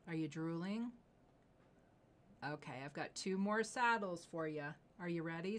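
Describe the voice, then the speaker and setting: A middle-aged woman hosting a live jewelry sales show, gushing with excitement, gasping and dropping into whispers. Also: fairly low pitch.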